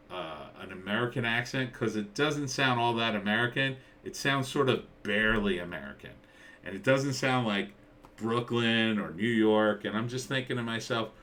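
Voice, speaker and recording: A man in his forties from New Jersey, rambling through a casual, sardonic trailer reaction. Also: fairly bright tone. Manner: rambling, sardonic, jumps into mock-surprised high quotes. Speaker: commentator.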